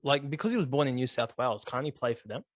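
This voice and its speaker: A man, co-hosting a casual chat in a relaxed way and asking questions. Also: medium pitch, fast talker, no room sound. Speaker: podcast co-host.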